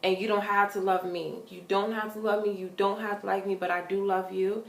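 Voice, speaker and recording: A young woman vlogging casual advice to her viewers, earnest and big-sisterly, getting animated when she tells stories. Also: medium pitch, brisk, gravelly. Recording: echoey room.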